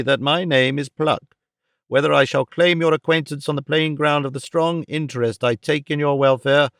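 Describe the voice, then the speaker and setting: A man voicing a pompous, flattering gentleman visitor who talks in grand, theatrical, overly formal phrases. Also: medium pitch, no echo, studio quality, natural voice.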